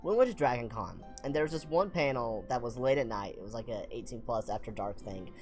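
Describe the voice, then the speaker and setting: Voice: medium pitch, animated, brisk, faint music behind. A young adult streamer from the American South with a Southern accent, telling a rambling, self-deprecating story and reading game text aloud in a casual let's-play. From Southern United States.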